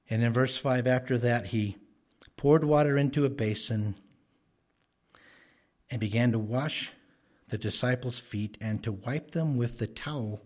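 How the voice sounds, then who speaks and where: A man's voice: mid-range voice, darkish tone. A man preaching an expository sermon, speaking emphatically and briefly acting out the characters he quotes.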